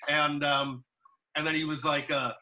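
A man's voice: fairly high pitch, level tone, unhurried, far from the mic, noisy background. A man chatting casually, telling a long anecdote with many fillers and restarts. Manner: rambling storyteller, many fillers. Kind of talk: casual chat.

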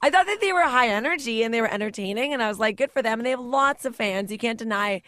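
A woman's voice: fairly high pitch, animated, fast talker, sharp tone, no echo. A woman co-hosting a comedy podcast, chatty and self-deprecating as she rambles through stories. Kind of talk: casual podcast banter.

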